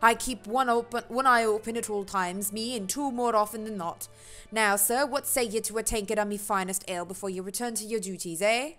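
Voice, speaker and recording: A woman voicing a gruff, jovial tavern keeper man in a put-on old sailor brogue, with rough, drawled speech. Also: mid-range voice, fairly even intonation, fairly quick, a bit bright, faint music behind, natural voice. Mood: hearty. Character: gruff pirate-ish tavern keeper man, hearty and boastful.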